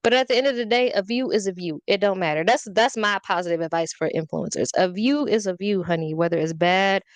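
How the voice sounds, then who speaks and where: A woman's voice: medium pitch, brisk, no echo. Young woman, podcast guest, sassy storyteller, dry close mic. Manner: petty, candid, animated storytelling with swearing. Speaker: podcast guest, social media influencer. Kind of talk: casual podcast chat.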